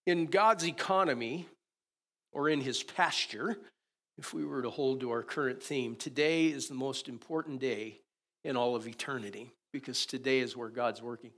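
A man preaching a conversational sermon, often asking "right?" and moving between loud and quiet. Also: medium pitch, moderate pace. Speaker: pastor.

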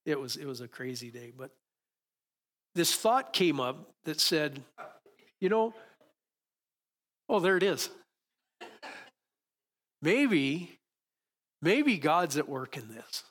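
Animated middle-aged preacher man. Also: a little high, takes it slowly, long pauses. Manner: storytelling, animated with sudden loud peaks. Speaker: pastor. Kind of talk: sermon.

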